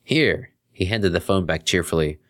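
Brief: male narrator, lowish voice, lively expressive reading. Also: brisk. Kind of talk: fan fiction reading.

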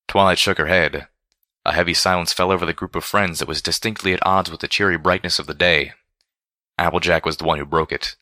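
Male story reader, very low pitch, bright forward tone, steady storytelling. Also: brisk, no echo, studio quality. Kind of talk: fan fiction read aloud.

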